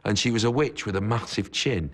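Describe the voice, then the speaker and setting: A man's voice: fairly low pitch, brisk, fairly bright tone. A man in an interview, reminiscing in a nostalgic, rambling way.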